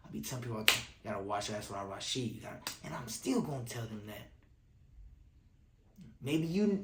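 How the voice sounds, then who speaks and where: A man's voice: medium pitch, reverberant. A man giving casual video commentary, talking in streetwise slang and repeating lines for emphasis.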